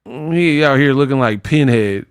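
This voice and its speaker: A man hosting casual boxing commentary, animated and mocking, slipping into high-pitched impressions. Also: measured pace, smooth, no echo, clean studio sound.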